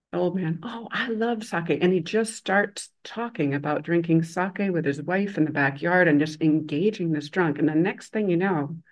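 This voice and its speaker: A woman giving a Buddhist dharma talk in a gentle, conversational way. She pauses often and lets phrases trail off. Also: sits low. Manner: uses a loud, bright voice for quoted speech. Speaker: Buddhist meditation teacher.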